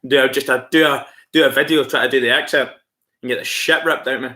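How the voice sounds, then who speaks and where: A man's voice: medium pitch, steady tone, quick pace, pushed and bright. A Scottish man chatting casually on a live stream, swearing freely and laughing often as he answers viewers. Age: adult with school-age kids.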